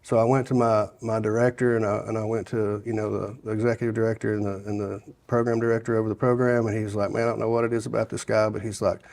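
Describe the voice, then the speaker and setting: Low-voiced man telling his story. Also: little pitch movement, quick pace, vocal fry, few pauses, a little mellow. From Sevier County, Tennessee. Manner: rambling storyteller, many restarts and "you know". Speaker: guest sharing his testimony. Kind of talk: casual testimony interview.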